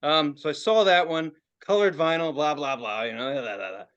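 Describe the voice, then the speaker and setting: A man's voice: on the high side, normal speed, muffled recording. A man hosting a podcast, telling a story in casual chat and cursing a lot. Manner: animated, profane storytelling. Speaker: podcast host.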